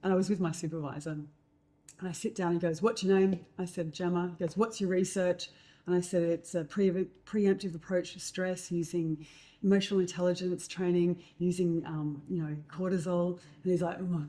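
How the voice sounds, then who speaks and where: A middle-aged Australian woman, speaking as a guest in conversation, spins her story with plenty of fillers and acted-out quotes. Her voice sits a little low and sounds warm and mellow. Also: steady tone, moderate pace.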